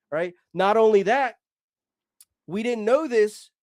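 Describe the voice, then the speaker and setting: A man's voice: high voice, lively intonation, unhurried, long pauses, a little mellow, no echo, studio quality. A man telling a long story casually, rambling, swearing and acting out the dialogue.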